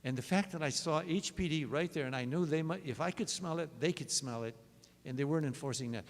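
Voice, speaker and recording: A man, a state legislator, rebutting in floor debate with an animated, anecdotal style. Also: fairly high pitch, fast. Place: large legislative chamber. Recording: long chamber reverb.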